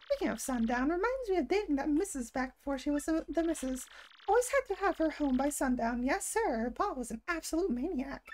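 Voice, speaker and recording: A woman's voice: sits high, animated, brisk, a little mellow, slight background noise. A woman reading as a rambling old turtle man. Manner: reads the lines aloud in her own plain voice.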